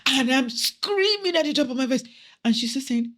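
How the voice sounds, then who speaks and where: A woman's voice: high voice, moderate pace. A middle-aged woman guest, from Nigeria, telling stories in a podcast interview and acting out the dialogue she quotes. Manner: animated storyteller who acts out quoted dialogue.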